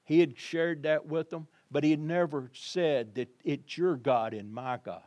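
At a measured pace and a somewhat high pitch, a man preaches to his congregation on Easter. He brings the story to life, alternating between soft passages and forceful, loud points.

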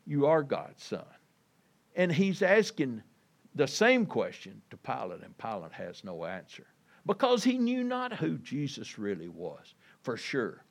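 A man's voice: mid-range voice, wildly swooping pitch, unhurried, vocal fry. A man preaching a sermon in a folksy, conversational way, reading scripture and talking to his listeners as folks. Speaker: pastor.

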